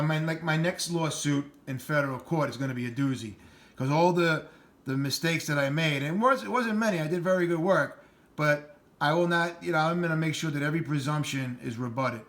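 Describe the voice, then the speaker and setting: A man's voice: on the high side, a bit bright. A middle-aged man with a New York accent talking bluntly and rambling in a casual vlog. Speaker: channel host.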